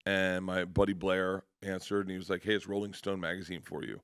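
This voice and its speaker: A comedian telling rambling anecdotes in a radio interview, acting out other people's voices and laughing along. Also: male voice, low voice, fairly even intonation, brisk, a bit bright, smooth, no room sound, studio quality. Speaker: comedian guest.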